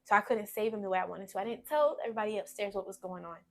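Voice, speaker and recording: Woman haltingly telling her own story. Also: mid-range voice, a crowd in the background. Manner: rambling, halting storytelling with many restarts. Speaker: guest sharing her testimony. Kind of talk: emotional personal testimony.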